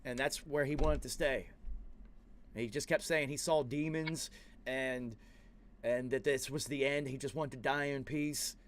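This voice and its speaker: A man's voice: mid-range voice, steady tone, a little slow, slight background noise. A man hosting a podcast, telling a story in a casual, slangy, profane way. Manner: slangy and profane, says "yo" and "dude" a lot. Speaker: podcast host.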